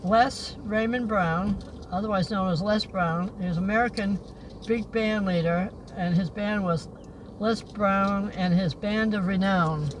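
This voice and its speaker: An older man hosting a livestream outdoors by the beach, reading historical notes in a halting way and slowing down on names. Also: high-pitched. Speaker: livestream host. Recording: noisy outdoor recording.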